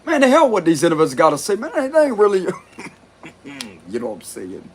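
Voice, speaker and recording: A man's voice: high voice, huge pitch swings, normal speed, a little hiss or hum. Blunt, cursing man reading tarot. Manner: blunt, profane, laughs often. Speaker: tarot reader. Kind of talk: casual spoken tarot reading.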